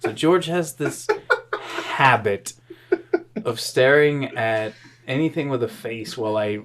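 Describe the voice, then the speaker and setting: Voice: medium pitch, a bit bright, a little hiss or hum. A tipsy podcast co-host who reads posts aloud and teases their partner with dry remarks. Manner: slow, drawn-out reading, dry teasing. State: tipsy from drinking. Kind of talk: casual reading and banter.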